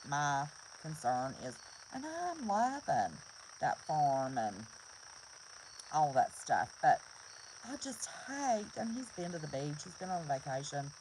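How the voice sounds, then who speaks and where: A middle-aged woman from West Virginia talks in an earnest, preachy way and repeats points for emphasis. Her voice sits fairly low. Crickets and frogs chirp loudly behind her outdoors. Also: big pitch swings, takes it slowly, slight background noise, low-quality recording. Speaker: prepper vlogger. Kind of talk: casual chat.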